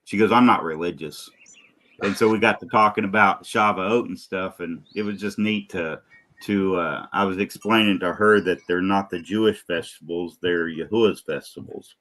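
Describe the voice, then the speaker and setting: A man's voice: sits low, steady tone, moderate pace, a bit bright. A man in a casual online study group, telling an everyday anecdote and acting out the conversation. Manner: anecdotal, acts out dialogue. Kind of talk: casual storytelling.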